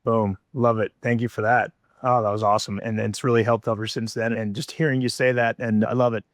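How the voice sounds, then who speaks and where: Man, podcast host, enthusiastic, rambling questions, fast talker, dry recording. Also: mid-range voice, level tone, no echo. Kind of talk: podcast interview.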